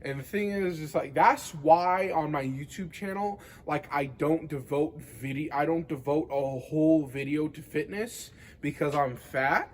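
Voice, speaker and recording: A young man rambles to the camera in a casual vlog, his voice sitting a little on the high side. He leans on filler words and swears freely as he talks. A faint hiss of room ambience runs underneath. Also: a little slow, few pauses. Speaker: vlogger.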